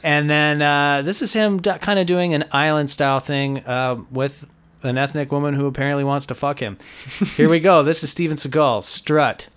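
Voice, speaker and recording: A man's voice: on the high side, fairly even intonation, moderate pace, fairly bright tone, clear, resonant tone. A man hosting a casual comedy podcast, introducing clips and laughing along. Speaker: podcast host.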